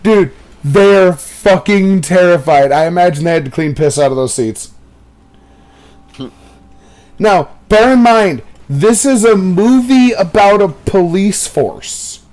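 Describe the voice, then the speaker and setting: A young man chats casually over gameplay, retelling a movie in an animated, profane style. His voice sits a little high for a man. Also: slow pace. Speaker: gaming commentator. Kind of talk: casual gaming chat.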